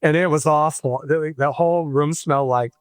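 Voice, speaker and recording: A man from Michigan, a podcast guest, telling a personal story in an animated way and acting out the voices he quotes. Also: fairly high pitch, moderate pace, no echo. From Michigan, USA.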